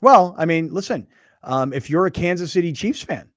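A man with a slightly higher voice hosts a relaxed sports talk show. He tells stories with energy and laughs often. The sound is dry and close to the mic. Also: moderate pace, no room sound. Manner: animated storyteller, laughs often. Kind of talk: casual sports radio chat.

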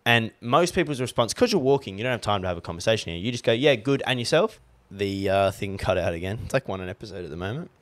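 A man's voice: on the low side, quick pace, hardly any pauses. A man co-hosting a podcast, telling funny stories in casual, swearing chat. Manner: laughing, swearing, animated storytelling. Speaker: podcast co-host.

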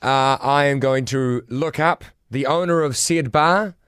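A man's voice: medium pitch, unhurried, a bit bright, clear, resonant tone, no echo, clean studio sound. A man with a New Zealand accent co-hosting afternoon radio, chatting playfully while setting up a prank call. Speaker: radio host. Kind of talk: casual radio chat.

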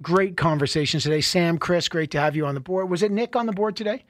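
A man hosting call-in talk radio, joking and laughing with callers in a playful, animated way. His voice sits high for a man and sounds close and dry, with no room around it. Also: quick pace, dry recording. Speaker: radio talk show host.

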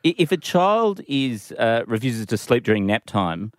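An Australian man co-hosting a radio comedy show in an earnest, corny-joke manner. His voice is mid-pitched and recorded close and dry. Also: big pitch swings, moderate pace, no room sound. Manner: earnest, fond of dad jokes. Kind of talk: radio banter. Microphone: studio mic.

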